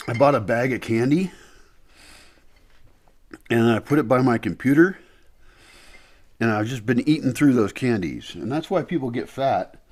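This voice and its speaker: Indoors at home before dawn, a vlogger rambles to his camera and thinks aloud, using many fillers. His mid-range, slightly mellow voice comes out a little muffled around a candy in his mouth.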